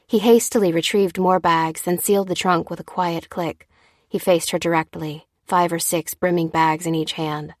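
A woman reading a story aloud, steady and measured. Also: lowish voice, no room sound, studio quality. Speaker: narrator. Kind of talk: scripted narration.

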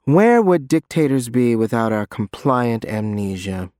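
A coldly menacing man, low-voiced and urgent, read as an audiobook character by a male narrator. The delivery is dry and close, with no room sound. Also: sing-song, measured pace, a little mellow, clear, resonant tone, no echo.

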